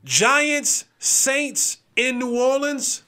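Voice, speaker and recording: Hosting a sports show, a man with a high, bright, forceful voice runs through his game picks in loose, playful chat at an extremely slow pace. Animated throughout, he stacks up repeated lines to drive each pick home.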